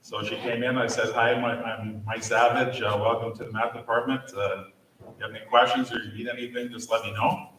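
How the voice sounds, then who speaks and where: A man in his fifties, a teacher, giving halting, gently humorous memorial remarks with many fillers. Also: mid-range voice, level tone. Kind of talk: memorial speech. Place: large echoey school room at a podium. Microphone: distant podium mic. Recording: echoey room, distant mic, faint noise.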